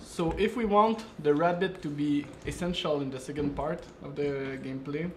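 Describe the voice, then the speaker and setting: A man's voice: fairly high pitch, normal speed, roomy sound, a little hiss or hum. A man hosting a live game-design stream, thinking aloud and laughing often. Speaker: game developer and stream host.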